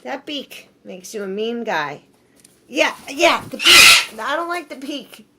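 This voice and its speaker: A woman's voice: a little high, lively intonation, slow, heavy background noise. Playful woman coaxing her pet bird. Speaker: pet owner filming her pets. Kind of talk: casual chat to pets while filming.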